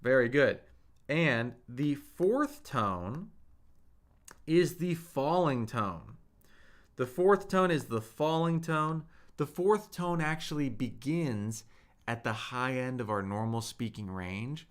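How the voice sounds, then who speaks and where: A man's voice: medium pitch, expressive, slow. A man teaching a live language lesson, patiently repeating each point and modelling spoken tones for his viewers. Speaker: Mandarin teacher.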